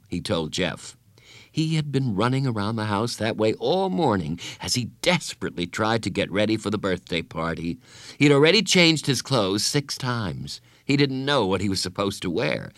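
A man narrating a children's story in an expressive storytelling style. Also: fairly low pitch, normal speed, no echo, studio quality. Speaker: audiobook narrator. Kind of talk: scripted narration.

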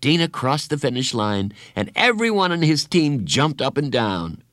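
Give me an expressive male storyteller for a children's book, lively and animated, with a very dry sound that keeps him close to the listener. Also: mid-range voice, normal speed, no echo. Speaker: narrator. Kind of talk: reading a children's story aloud.

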